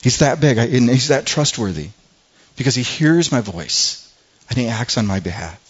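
A man's voice: medium pitch, animated, normal speed, husky, dull audio. A man preaching a sermon in an earnest, conversational way, often restarting his phrases. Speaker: pastor.

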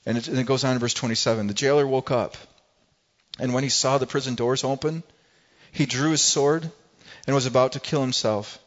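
Man preaching in a dull lo-fi recording. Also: medium pitch. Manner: conversational preaching with frequent restarts and acted-out quotes. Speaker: pastor. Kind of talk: sermon.

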